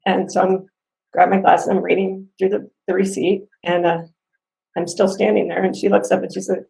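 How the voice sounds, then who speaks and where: A woman telling a complaint story in a casual spoken review, animated, laughing between lines and acting out what people said, sounding upset and near tears. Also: medium pitch, normal speed, gravelly, low-quality recording.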